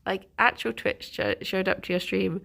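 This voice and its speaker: A woman's voice: medium pitch, steady tone, normal speed, creaky, bright, forceful tone. A woman streamer chatting casually on a live stream, congested from a cold, reading out chat messages and laughing often.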